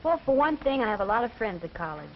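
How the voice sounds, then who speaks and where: A quick-talking, guarded singer. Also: female voice, a little high, very animated, a little hiss or hum. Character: guarded young female nightclub singer. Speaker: nightclub singer and student. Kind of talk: 1930s film acting. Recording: dull, lo-fi old film soundtrack.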